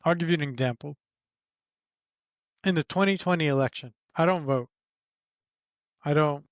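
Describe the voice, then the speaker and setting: A man on a casual podcast who talks in an animated way, swears freely, and acts out the dialogue he quotes. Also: mid-range voice, no room sound, lo-fi sound. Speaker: podcast co-host. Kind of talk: casual chat.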